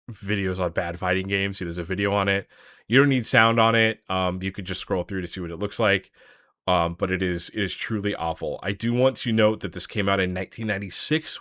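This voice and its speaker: A young adult man co-hosting a podcast, chatting with excitement and laughing often. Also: low voice, dry recording, clean studio sound. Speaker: podcast co-host. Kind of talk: casual podcast chat.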